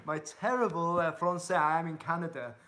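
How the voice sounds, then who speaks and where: A man's voice: on the high side, fairly quick, sharp tone. A young man with a Hull accent from Yorkshire, chatting casually on a livestream, reading out viewer questions and giving upbeat, encouraging advice. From England. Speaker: touring cyclist answering live chat.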